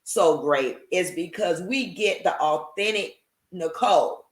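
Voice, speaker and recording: A woman's voice: lowish voice, measured pace, reverberant. A woman hosting an online interview show, chatty and affirming, reading out viewer comments and asking questions. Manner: affirming, chatty, frequent agreeing. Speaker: show host. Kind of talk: casual interview chat.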